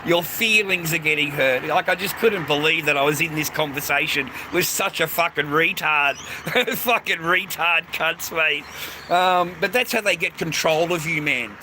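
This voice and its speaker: His voice sits on the high side with a sharp edge, and he speaks at a moderate pace. He is an Australian vlogger recording outdoors amid street traffic, rambling casually and profanely and saying "mate" to the listener over and over.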